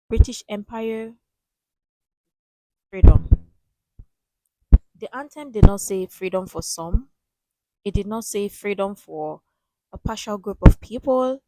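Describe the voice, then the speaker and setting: Woman, reaction host, emphatic, repeats herself, middle pitch, dry close sound. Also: mellow, no echo, low-quality recording. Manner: emphatic, repeats key phrases. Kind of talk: casual commentary.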